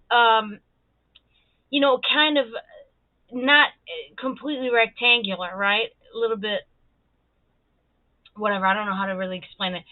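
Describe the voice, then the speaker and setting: Her voice sits on the high side as she chats away on her painting livestream, a Serbian woman cursing heavily and venting with real animation. The sound is tinny and dry, much like a phone recording.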